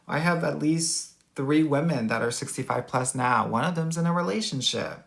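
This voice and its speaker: A man's voice: on the high side, moderate pace, creaky, fairly bright tone. A middle-aged man with a Valley Girl accent, a dating coach chatting sassily and campily with viewers on a live stream. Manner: sassy, campy, playful. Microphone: phone or laptop mic, livestream.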